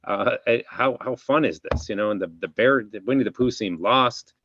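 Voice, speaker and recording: A man's medium-pitched, somewhat bright voice comes at a moderate pace with no room sound, on a dull, dry lo-fi recording. He's a chiropractor hosting a podcast, leading a casual interview chat in a reflective, rambling style full of restarts.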